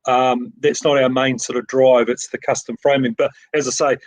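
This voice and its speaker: A middle-aged man with a New Zealand accent, talking about his work in a relaxed, rambling way with plenty of ums and restarts. His voice sits at an ordinary middle pitch. The sound is dry and close, as on a video call. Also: moderate pace, dry recording, low-quality recording. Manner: modest, rambling, many fillers and restarts. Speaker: framing shop owner. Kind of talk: casual interview.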